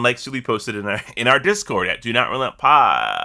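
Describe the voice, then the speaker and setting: A man's voice: on the low side, sing-song, moderate pace, few pauses, sharp tone. A man co-hosting a podcast, chatting casually about games and swearing freely as he talks. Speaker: podcast co-host. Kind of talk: casual gaming chat.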